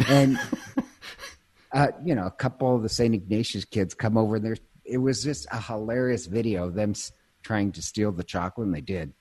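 A man's voice: on the low side, a little fast, a little mellow. A man, a priest, chatting casually and telling stories, breaking off mid-sentence and laughing easily. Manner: storytelling, self-interrupting, laughs easily. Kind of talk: casual conversation.

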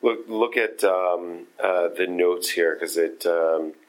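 A man leading a text study group, explaining in a halting way with many fillers and restarts. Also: deep voice, low-quality recording. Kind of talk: casual text study discussion.

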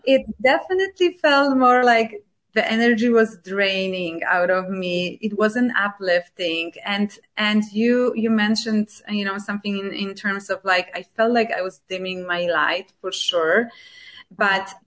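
A woman's voice: medium pitch, unhurried, fairly bright tone. Woman with a Polish accent, earnest. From Poland. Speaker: success coach and speaker. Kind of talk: podcast guest conversation.

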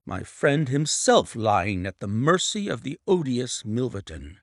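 A middle-aged man narrating a classic story in the first person, unhurried and expressive. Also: mid-range voice, dry recording, clean studio sound. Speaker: audiobook narrator.

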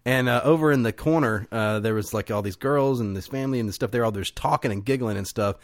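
A man in relaxed conversation who rambles through long anecdotes, laughing along the way and swearing without a second thought. His voice sits at an ordinary middle pitch. It is recorded dry and close, with no room sound around it. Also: brisk, no echo. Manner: rambling storyteller, laughs often, swears casually. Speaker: podcast co-host. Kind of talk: casual chat.

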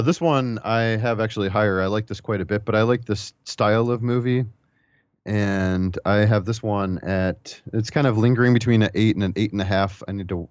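A man's voice: on the low side, darkish tone, no room sound, lo-fi sound. A man casually reviewing movies on a podcast, rambling and enthusiastic, with some swearing. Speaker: podcast co-host.

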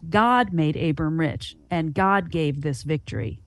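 A woman's voice: low voice, unhurried, no echo. A woman explaining Bible passages in an earnest teaching manner, asking and answering her own questions. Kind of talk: Christian teaching podcast.

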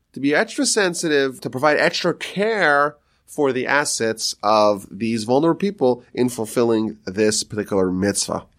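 A man, a rabbi, teaching a Talmud story with animated storytelling and quoted voices. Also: medium pitch.

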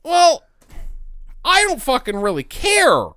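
A man co-hosting a casual podcast, recapping a movie in an animated way, swearing and acting out the characters' lines. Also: extremely high pitch, takes it slowly, no room sound, clean studio sound. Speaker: podcast co-host recapping a film. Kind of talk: casual chat.

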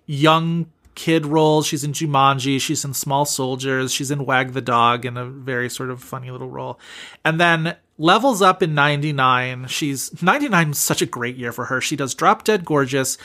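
A man's voice: medium pitch, moderate pace, pushed and bright. A man co-hosting a casual film podcast, enthusiastically running through film trivia in long, run-on lists. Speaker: podcast co-host.

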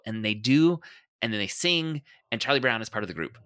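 A man's voice: mid-range voice, lively intonation, brisk, sharp tone, dry recording. A man talking as a podcast guest in casual chat, enthusiastic, laughing often and trailing off while he looks for words.

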